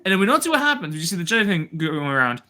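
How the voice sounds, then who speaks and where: A man hosting a casual review chat, retelling scenes in an animated, sarcastic way with swearing. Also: sits high, very fast. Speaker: host reviewing a TV series.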